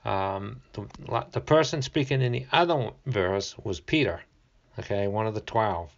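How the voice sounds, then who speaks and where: A man teaches the Bible in a relaxed, conversational way, leaning on each key word. He talks very slowly and stops now and then to find his verse. The recording is dull and lo-fi. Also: lowish voice, vocal fry. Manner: slow and deliberate, stressing key words; reads scripture aloud, pauses to find verses.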